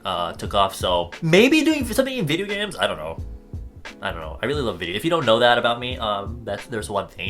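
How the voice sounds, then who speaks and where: A man's voice: fairly low pitch, sharp tone. A young American man answering viewer questions in a casual vlog. He swears a lot and rambles off on tangents. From United States.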